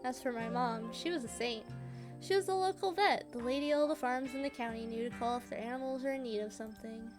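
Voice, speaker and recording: Brief: woman reading a chipper, down-to-earth young woman, high voice, over game music. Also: a little fast, close to an everyday voice. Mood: fond. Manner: cheerful, folksy, matter-of-fact. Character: friendly young woman living alone with her old dog.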